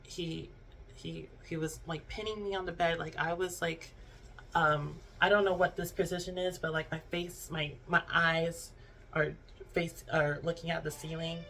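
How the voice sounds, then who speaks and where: Flat, creaky-voiced storyteller, halting. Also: medium pitch, a little hiss or hum. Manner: halting, many restarts and fillers, quiet and subdued. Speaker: vlogger telling a personal story. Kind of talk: unscripted storytime monologue.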